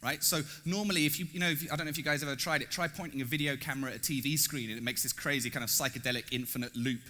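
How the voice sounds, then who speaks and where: Bright-voiced man giving a conference talk. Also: medium pitch, steady tone, very fast. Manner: enthusiastic, jokey, talks to the audience. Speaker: designer presenting at a conference. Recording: echoey hall.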